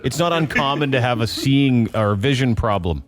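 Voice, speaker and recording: A man's voice: medium pitch, music in the background. Joking male morning radio host. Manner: joking, teasing, quick reactions. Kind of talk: casual morning radio banter.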